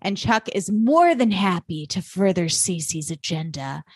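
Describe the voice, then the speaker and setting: Chatty co-host woman, dry close mic, quick casual plot recap. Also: on the low side, expressive, breathy edge, no room sound. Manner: chatty, recaps plot briskly, mimics characters. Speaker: podcast co-host.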